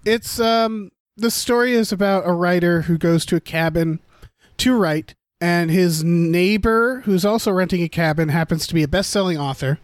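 Male podcast co-host, high pitch, dry close sound, loose relaxed delivery. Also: no echo. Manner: relaxed, halting with fillers. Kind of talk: casual chat.

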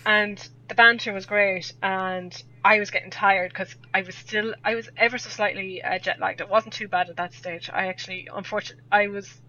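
Irish woman rambling thru a night-out story, bright voice, kinda dull lo-fi sound. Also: medium pitch, steady tone, a little fast, few pauses. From Ireland. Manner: chatty, laughs often, rambling. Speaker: podcast guest. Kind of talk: casual storytelling. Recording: dull lo-fi audio.

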